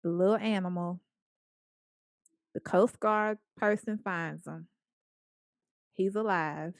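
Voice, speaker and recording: Lively storytelling woman, dry sound. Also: fairly low pitch, takes it slowly, no echo. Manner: lively, playful storyteller, acts out quotes. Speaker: guest speaker. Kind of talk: storytelling talk to a small group.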